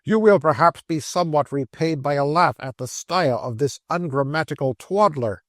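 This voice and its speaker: Man reading as a jeering rival editor, high and slow, dry close sound. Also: dry recording, natural voice. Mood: taunting. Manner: mocking, drawn-out sneers. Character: taunting, sneering rival male editor.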